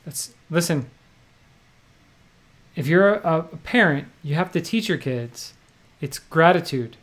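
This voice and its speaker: A man's voice: on the high side, animated, slow pace, a bit bright. A middle-aged man with a New Jersey accent, co-hosting a livestream and reading viewer comments in a laid-back, joking way. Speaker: livestream co-host.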